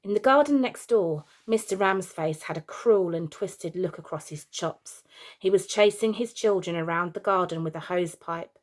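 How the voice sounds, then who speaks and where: A woman reads a children's storybook chapter aloud at a plain, steady pace. She keeps a relaxed, unforced delivery, now and then slipping on a word and starting it again. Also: on the low side. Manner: plain, steady reading with small slips and restarts. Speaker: teacher reading aloud.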